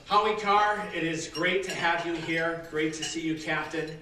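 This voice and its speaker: A man from Massachusetts giving a rousing campaign speech at a dinner, building to loud applause lines. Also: a little high, steady tone, normal speed. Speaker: political candidate giving a speech. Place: large dinner hall with an audience. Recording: echoey banquet hall, distant mic, crowd noise.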